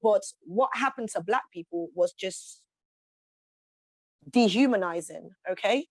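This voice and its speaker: A woman's voice: mid-range voice, unhurried, dry recording. A woman, a guest in an interview, speaking passionately with emphatic rhetorical questions. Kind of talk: passionate conversational speech.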